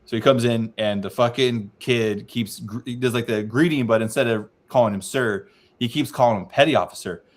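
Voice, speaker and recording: A man's voice: mid-range voice, fairly quick. A man, a navy veteran co-host, telling a loose, rambling story in casual chat and swearing freely.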